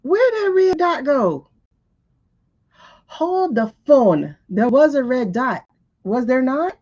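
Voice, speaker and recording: High-pitched and slow, a woman speaks in a muffled recording while hosting a livestream. She reacts to a news clip in casual, exasperated talk, staying animated and laughing as she talks back to the screen.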